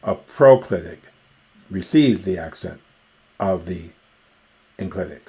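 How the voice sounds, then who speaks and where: In a recorded lecture, a man teaches ancient Greek grammar, explaining the rules slowly and methodically with frequent pauses and ums. His voice is low-pitched and warm, and he sounds animated.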